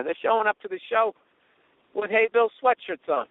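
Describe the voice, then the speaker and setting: Comic host, high voice, swearing storyteller, tinny dry lo-fi sound. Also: male voice, moderate pace, dry recording. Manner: profane, animated, does mocking voices of others. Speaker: comedian podcast host. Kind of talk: storytelling monologue.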